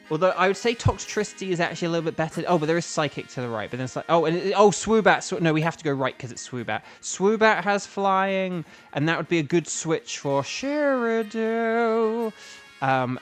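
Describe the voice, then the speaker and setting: A young British streamer and voice actor with a fairly high, expressive voice talks fast over faint background music. He's chatting casually to his stream while playing a video game, rambling with lots of fillers and restarts.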